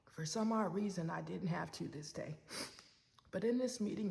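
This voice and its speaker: A woman telling an emotional personal story about her job straight to her viewers, speaking warmly and directly to them. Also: lowish voice, normal speed, creaky. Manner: heartfelt, talks straight to viewers as "y'all". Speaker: work supervisor sharing a personal story.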